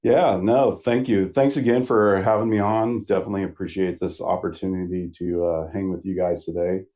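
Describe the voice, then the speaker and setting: Man, middle-aged, from Northern California, deep voice, dark tone, relaxed rambling podcast guest. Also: normal speed. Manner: relaxed, rambling storyteller with many fillers. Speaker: manufacturer sales rep, guest. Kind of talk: casual podcast interview.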